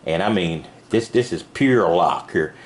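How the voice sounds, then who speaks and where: A man casually showing a pocket knife in a vlog, talking in a rambling, halting way with many fillers. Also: low-pitched, animated. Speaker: knife reviewer. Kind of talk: casual product demo vlog. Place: van.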